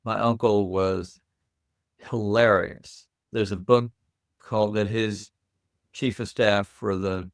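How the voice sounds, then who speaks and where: An older man, a podcast guest, telling lively anecdotes in a casual interview. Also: on the low side, slow, no room sound, studio quality.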